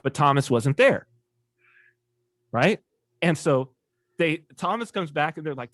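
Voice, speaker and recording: A man talking as a podcast guest in casual conversation, an animated storyteller who acts out quoted voices. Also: fairly high pitch, measured pace, pauses often, dry recording, studio quality.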